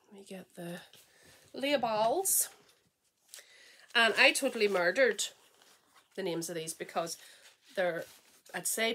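A woman's voice: mid-range voice, bright, forceful tone. A woman hosting a knitting podcast, chatting casually and rambling enthusiastically as she shows her projects. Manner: chatty and rambling, trailing off mid-sentence; enthusiastic and gushing.

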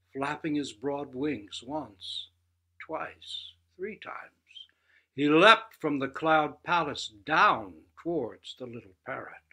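A man who teaches Zen, telling a fable slowly and expressively. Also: a little high. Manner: slow, expressive storytelling. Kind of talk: storytelling talk.

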